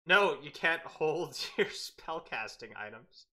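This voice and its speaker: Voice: mid-range voice, animated, slow, bright, forceful tone. A dungeon master narrating an improvised tabletop game, laughing often mid-sentence.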